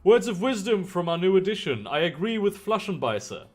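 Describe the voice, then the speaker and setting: A man streams a story game, reading its text aloud and chatting as he thinks out loud. His voice is fairly high for a man and swings in pitch with a lively, animated lilt. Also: fairly quick, faint music behind.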